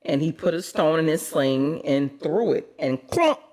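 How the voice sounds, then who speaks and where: A woman co-hosting a podcast, retelling a story in casual chat. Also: a little slow. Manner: chatty, swoops up high when excited. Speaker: podcast co-host.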